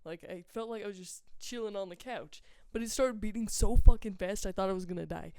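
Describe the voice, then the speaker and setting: A man co-hosting a podcast, telling stories in an offhand, deadpan casual way. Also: high voice, brisk, gravelly, clean tone, no room sound, studio quality. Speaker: podcast co-host. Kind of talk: casual chat.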